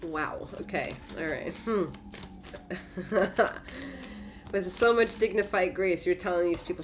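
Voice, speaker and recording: A woman giving a casual tarot reading in a profane, animated way, laughing often. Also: fairly low pitch, a little slow, pauses often, slight background noise. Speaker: tarot reader.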